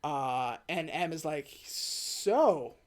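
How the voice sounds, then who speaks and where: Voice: medium pitch, animated, normal speed. A podcast co-host casually recapping a film plot, quoting the characters in an offhand way. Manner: retells scenes by quoting characters in a loose, offhand way.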